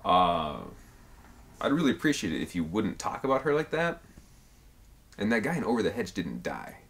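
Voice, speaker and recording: A man's voice: on the low side, big pitch swings, moderate pace, fairly bright tone. A young man acting an earnest host in a comedy sketch, sincere and plain-spoken as the straight man. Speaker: host of a mock review show.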